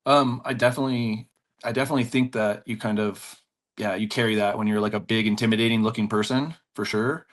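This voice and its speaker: Animated man telling stories on a podcast. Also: fairly low pitch, quick pace. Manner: animated storyteller, acts out voices, laughs often. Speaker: jiu-jitsu black belt and gym owner, podcast guest. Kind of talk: storytelling in a podcast interview.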